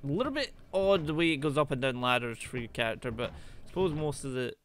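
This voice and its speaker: A young man talks through his gameplay in a loose, chatty way. His pitch jumps around a lot as he thinks aloud. He often breaks off into quick exclamations at his own mistakes. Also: lively intonation, a bit bright. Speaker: gaming video host. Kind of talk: gameplay commentary.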